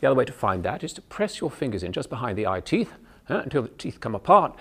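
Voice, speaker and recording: A Canadian man teaches an accent tutorial as a dialect coach, with a lively, rising and falling delivery. His voice is gravelly and husky. He explains each point step by step and breaks off to demonstrate sounds. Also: medium pitch, quick pace.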